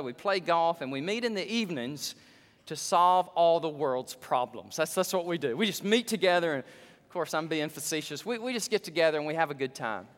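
Impassioned pastor in a reverberant hall. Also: male voice, fairly bright tone. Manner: impassioned preaching, voice surging up for emphasis and dropping low. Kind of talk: sermon.

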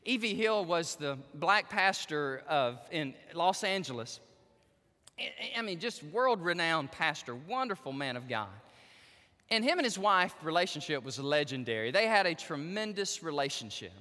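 Male pastor, sermon delivery, bright lively high voice, long hall reverb. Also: moderate pace. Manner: animated storytelling, addresses the women in the audience directly.

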